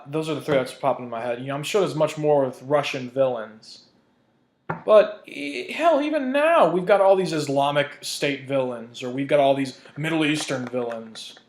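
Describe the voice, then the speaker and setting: A man ranting in a vlog, heated and profane, hammering his points with emphasis. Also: mid-range voice. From United States. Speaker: vlogger. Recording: roomy echo.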